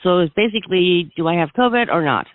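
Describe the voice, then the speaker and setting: A woman's voice: fairly low pitch, lively intonation, no echo. Breathless woman caller on a phone line. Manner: anxious and rushed, stumbling over words. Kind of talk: call-in radio talk. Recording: tinny phone line, dry.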